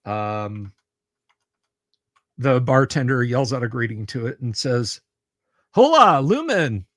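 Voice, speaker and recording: A man's voice: medium pitch, steady tone, slow pace, dry recording. A man running a tabletop game on a livestream, talking in a casual, friendly way and often repeating words as he goes. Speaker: game master.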